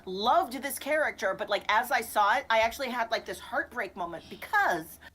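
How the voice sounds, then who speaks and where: A woman co-hosting a casual livestream chat, animated and laughing often between quick asides. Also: fairly high pitch, a little hiss or hum. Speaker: co-host.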